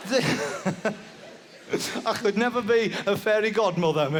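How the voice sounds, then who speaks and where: Performing before a live crowd at a comedy venue, this comedian spins an animated, wandering tale, constantly punctuating it with "right?" He speaks in a high, unhurried voice. Background noise and a long reverb tail fill out the live recording.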